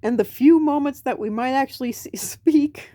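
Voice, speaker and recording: A woman's voice: sits high, fast, mellow, no echo, studio quality. An American woman vlogging in a casual late-night monologue to camera, rambling, self-mocking and profane. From United States. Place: home at night.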